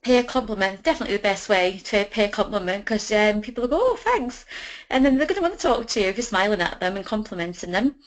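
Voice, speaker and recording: A woman coaches a group through sales conversation scripts in a loose, chatty way. She keeps dropping in "you know" and acts out sample dialogue as she goes, in a voice of ordinary middle pitch. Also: quick pace, hardly any pauses, poor audio. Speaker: business trainer.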